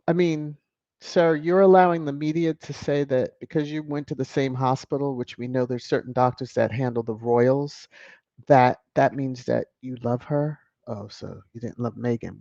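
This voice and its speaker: Sassy vlogger reading comments, laughs a lot, kinda muffled lo-fi audio, mid pitch. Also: a little mellow, no echo. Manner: sassy, mocking, chuckles often. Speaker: royal news commentator on a video channel. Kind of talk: casual commentary reading headlines and viewer comments. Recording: dull lo-fi, dry close mic.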